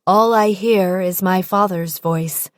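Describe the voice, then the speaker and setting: A woman's voice: on the low side, takes it slowly, dry recording, clean studio sound. A woman narrating a first-person audiobook in an intimate, present-tense storytelling manner.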